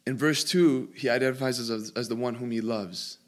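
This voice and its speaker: A man's sermon is peppered with questions for the audience. To drive home key words, he draws them out and pushes his pitch upward.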